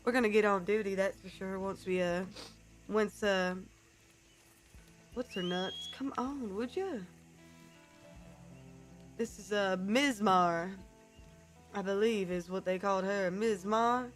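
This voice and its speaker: A woman's voice: medium pitch, steady tone, measured pace, pauses often, soft background music. A woman streamer chatting casually to her viewers, keeping up a put-on character accent, with lots of fillers.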